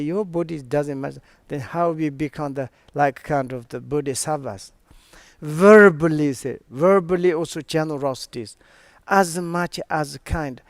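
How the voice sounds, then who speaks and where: A man giving a Buddhist teaching in halting, non-native English full of restarts, earnest and explanatory. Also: fairly high pitch, dry recording. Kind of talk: Dharma teaching seminar.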